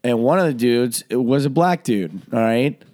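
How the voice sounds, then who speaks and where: A man hosting a podcast, telling a story to friends in a casual way, swearing and laughing often and jumping into loud, high voices when he quotes people. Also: expressive, moderate pace. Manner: profane, laughing often while he tells the story. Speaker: podcast host.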